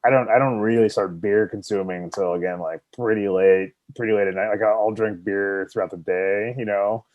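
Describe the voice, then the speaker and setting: A man chats casually as podcast co-host, easygoing and quick to laugh. His voice sits on the low side and sounds dry, right up on the mic. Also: steady tone, a little mellow, dry recording, muffled recording. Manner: laid-back, laughs often. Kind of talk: casual chat. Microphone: own mic at home, remote call.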